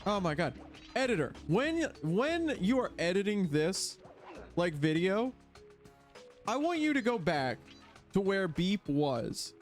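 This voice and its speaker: A man commentating his own gameplay as a streamer, chatty and quick to launch into exaggerated, exasperated rants. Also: sits high, big pitch swings, faint music behind. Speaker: gaming streamer. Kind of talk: let's play commentary.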